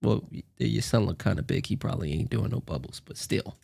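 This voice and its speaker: Gravelly man riffing on clips. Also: on the low side, animated, brisk, warm tone. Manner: joking, rambling asides. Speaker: commentary host. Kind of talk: casual reaction commentary.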